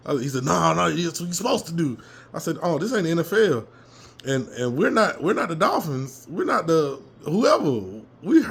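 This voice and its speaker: A man telling a fired-up story from a football game he attended, his voice a little hoarse, swearing freely and jumping into loud reenactments. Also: a little high. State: slightly hoarse. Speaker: fan commentator. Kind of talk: casual fan rant.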